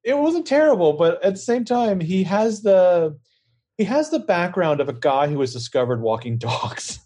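A man co-hosting a podcast over a remote call, animated and quick to jump into side notes and trivia. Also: sits high. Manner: animated, jumping into tangents and trivia. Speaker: podcast co-host. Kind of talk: casual chat. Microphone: remote call setup.

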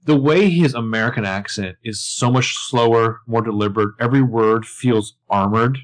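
A man's voice: mid-range voice, normal speed. A man co-hosting a casual TV recap podcast, chatty and analytical with lots of filler words. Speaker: podcast co-host.

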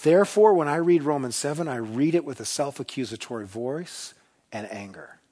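A man preaching a sermon, earnest and confessional, swinging from loud emphasis to hushed asides. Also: mid-range voice, lively intonation, moderate pace. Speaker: pastor.

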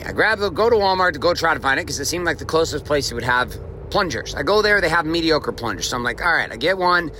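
Animated, bright-voiced profane male host. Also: fairly high pitch, a little hiss or hum. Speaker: podcast host. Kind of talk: motivational podcast monologue.

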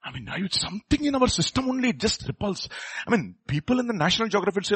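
A man preaching a sermon, firing rhetorical questions at the congregation and swinging from quiet asides to loud, emphatic peaks. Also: high voice, very animated, fast, husky, no room sound.

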